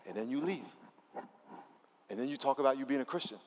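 A man's voice: medium pitch, expressive, brisk, long pauses, big-room sound, slight background noise. A man preaching a sermon as pastor at a church service, talking conversationally and emphatically and leading the congregation in call-and-response.

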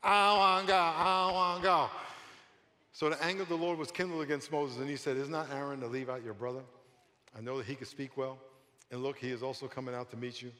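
A man, a pastor, preaching a lively sermon, often laughing and repeating phrases for emphasis. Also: medium pitch, fast talker. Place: large church sanctuary. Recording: long hall reverb.

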